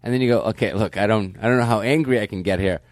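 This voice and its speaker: A man's voice: fairly low pitch, rapid-fire, no room sound. Rambling man in casual comedy chat. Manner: rambling storyteller, many restarts, acts out exchanges.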